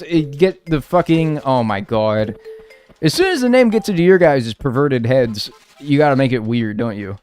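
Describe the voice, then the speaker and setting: A man's voice: mid-range voice, very animated, normal speed, a little mellow. A young man streaming a game live, talking to his viewers with playful mock outrage and a lot of swearing.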